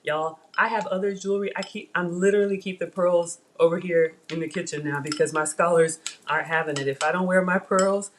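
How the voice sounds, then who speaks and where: Middle-aged woman host, slightly low-pitched, talks casually to her stream audience while cooking at home. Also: fairly even intonation, fairly quick, hardly any pauses, slight background noise. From Africa. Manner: chatty, addresses viewers as y'all. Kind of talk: live cooking stream chat. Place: home kitchen.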